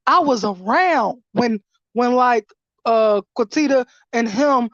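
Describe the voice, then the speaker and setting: A woman with a high voice tells a story as a casual, animated and profane vlog rant. Her voice is recorded dry, with a dull lo-fi sound. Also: takes it slowly, dry recording. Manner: animated, profane, laughing through retelling. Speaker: vlogger.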